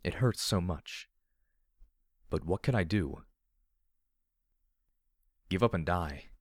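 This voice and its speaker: A man with a very low voice reads a first-person story aloud in a steady, grave manner. The recording is dry, close and unadorned, with no room sound. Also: takes it slowly, husky, no echo. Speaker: audiobook narrator.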